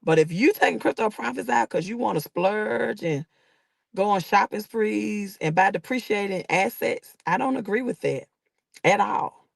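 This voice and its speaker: A middle-aged Southern American woman talks into her phone on a live stream. Her voice has a gravelly, fried edge and sits at a medium pitch. She lectures her viewers in an emphatic, preachy way, and the sound is dry and close. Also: normal speed, no echo. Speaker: livestream host giving financial advice. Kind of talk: casual livestream talk.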